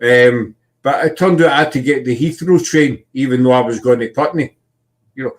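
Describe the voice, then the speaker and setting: A man's voice: medium pitch, moderate pace. A man with a Scottish accent, hosting a casual chat and telling rambling anecdotes.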